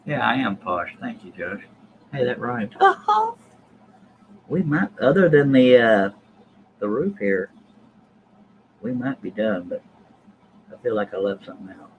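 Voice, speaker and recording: A man's voice: mid-range voice, expressive, measured pace, pauses often, narrow, tinny audio, a little hiss or hum. A man hosting a live stream, chatting casually and joking with viewers in a folksy way. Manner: folksy, jokey, addresses chat viewers.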